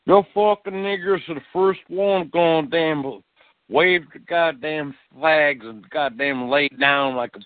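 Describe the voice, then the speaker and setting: A man's voice: on the high side, measured pace. A man ranting angrily as a chat line caller, swearing constantly and stumbling over his words. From Tennessee. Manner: profane, stumbling, full of filler sounds. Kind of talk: angry phone rant. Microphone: telephone. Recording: tinny phone line with faint static.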